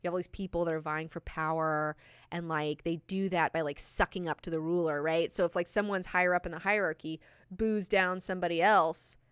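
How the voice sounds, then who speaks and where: A woman hosting a book club, talking casually and excitedly with lots of swearing and fillers. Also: fairly low pitch, brisk, clear, resonant tone, no echo, studio quality.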